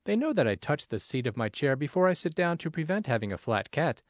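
A man reading a personal essay aloud in a measured, plainspoken way. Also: fairly high pitch, big pitch swings, dry recording, clean studio sound. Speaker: narrator.

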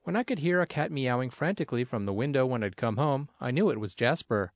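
Lively-voiced man reading a personal essay. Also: medium pitch, fast talker, no echo, studio quality. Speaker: reader.

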